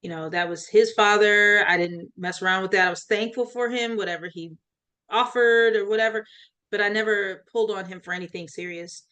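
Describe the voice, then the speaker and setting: Animated woman telling her story. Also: mid-range voice, brisk. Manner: animated, laughs often, lively quoted voices. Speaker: life coach and guest. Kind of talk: faith-based interview storytelling.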